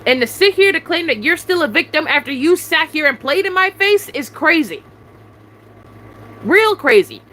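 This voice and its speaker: This angry venting rant comes from a young adult YouTuber on a live stream, who keeps demanding answers from someone amid heavy swearing. She speaks at a moderate pace in a high-pitched, bright, forceful voice with big pitch swings. There's a little hiss or hum, and the recording quality is low.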